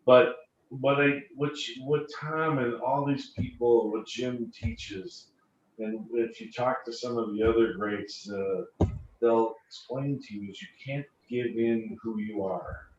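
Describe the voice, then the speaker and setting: A man's voice: mid-range voice, measured pace. Man telling stories on an echoey call. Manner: storytelling, repeats phrases for emphasis. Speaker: financial sales panelist. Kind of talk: panel talk with anecdotes. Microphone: video call computer mic. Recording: echoey, distant, dull lo-fi call audio, faint hiss.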